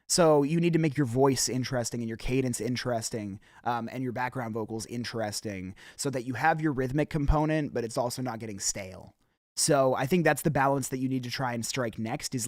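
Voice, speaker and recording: A man's voice: mid-range voice, no echo, studio quality. A young man hosting a rap feedback show, giving candid casual critique with frequent swearing and many ums and restarts.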